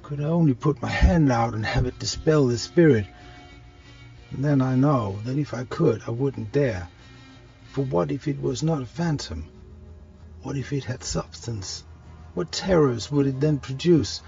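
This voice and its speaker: A man's voice: medium pitch, measured pace, vocal fry, mellow, dull audio, soft background music. A man reading a first-person horror story as a tense, anxious inner monologue. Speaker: story narrator.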